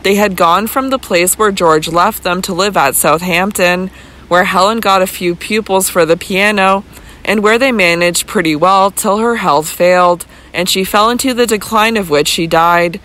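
Man narrating an audiobook, high voice. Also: moderate pace, bright, forceful tone, poor audio.

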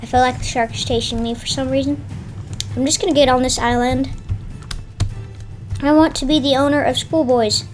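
A woman's voice: high voice, steady tone, moderate pace, long pauses, faint music behind. A woman giving casual, chatty commentary on her own gameplay, talking to herself and yelping when surprised. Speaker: gameplay streamer.

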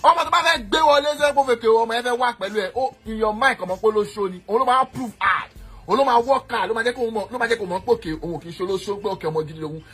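High, fast-talking Nigerian man ranting. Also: husky, soft background music. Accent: Nigerian, mixing Pidgin and Yoruba. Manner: loud, boastful, bursts into shouting and sing-song. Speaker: eyewitness in a played clip. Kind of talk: heated rant.

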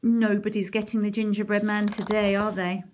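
A soggy, grumpy cat, put on by a woman reading a storybook mutters her complaints under her breath. She sounds fed up and damp, her grumbling kept low and close. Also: level tone, normal speed, darkish tone, a little hiss or hum, natural voice.

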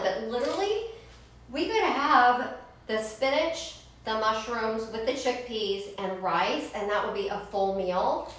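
A woman's voice: mid-range voice, heavy reverb, recorded from a distance, slight background noise, low-quality recording. A woman hosting a casual home cooking show, chatting and snacking in her kitchen as she preps food. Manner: chatty, eats while talking, laughs easily.

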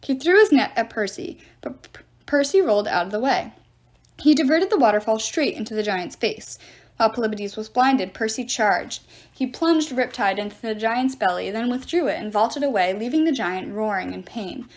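A woman reading a novel chapter aloud with expressive storytelling. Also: a little high, normal speed. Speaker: reader.

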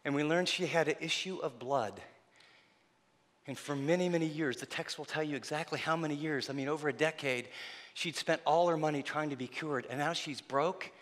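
Bright-voiced preacher in a big hall. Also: male voice, fairly high pitch, normal speed. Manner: storytelling, dramatic swings between loud and hushed. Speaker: pastor. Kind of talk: sermon.

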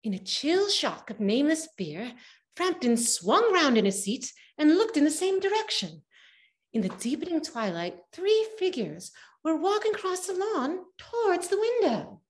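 A woman's voice: high voice, sing-song, moderate pace. A woman narrating a spooky story in a stage reading, with dramatic storytelling.

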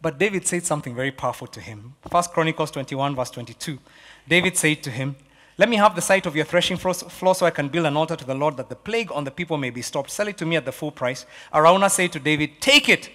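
A male pastor from Kenya preaching a sermon, swinging from hushed asides to loud exhortation. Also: fairly high pitch, fast. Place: church auditorium. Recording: long reverb of a church hall.

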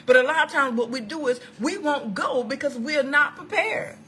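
A woman prophetess preaching an impassioned online sermon into a computer microphone. She is fervent and exclamatory, swinging between shouts and hushed asides. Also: sits high, moderate pace, a little hiss or hum.

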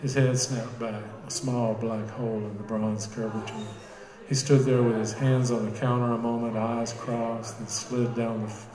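A man reading his own novel aloud in steady, measured narration at a live bookstore cafe event. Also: medium pitch, crowd noise. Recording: roomy cafe with live guitar.

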